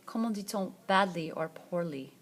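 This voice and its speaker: In a tablet screencast, a woman with a slightly low, expressive voice teaches a French lesson. She speaks slowly and patiently, pronouncing each word carefully and saying it twice so learners can copy her.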